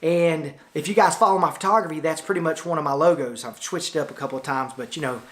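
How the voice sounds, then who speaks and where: Middle-aged Tennessee man, slightly high voice, chatty folksy vlogger, indoor studio, on-camera shotgun mic. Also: fast talker, fairly bright tone. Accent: Tennessee Southern. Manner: folksy, chatty, loose with many fillers. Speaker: photographer vlogger. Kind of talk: casual rambling vlog talk. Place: lounge area of his studio, indoors. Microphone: camera-mounted shotgun mic.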